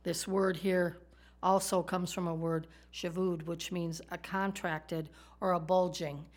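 A woman delivers a sermon with a somewhat low voice. She talks in a conversational way and keeps turning to her listeners with rhetorical questions. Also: level tone, a little slow. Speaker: Bible teacher.

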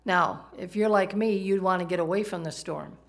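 A woman whose voice is on the low side gives a sermon at a moderate pace. She keeps it conversational and questions the congregation, speaking into a microphone in a church with PowerPoint slides.

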